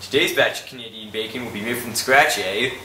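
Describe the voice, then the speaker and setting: A man's voice: medium pitch, fairly quick, bright, forceful tone, natural voice. A man playing a goofy TV chef who says "eh". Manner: tags nearly every line with "eh". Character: goofy male Canadian TV chef. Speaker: cooking show co-host. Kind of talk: spoof cooking show comedy. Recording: echoey room, faint noise.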